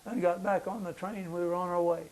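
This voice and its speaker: In an oral history interview, an older veteran with a gravelly, high-pitched voice for a man slowly works to recall the past, halting often with uh's and restarts. His tone is level and darkish, and the recording quality is low.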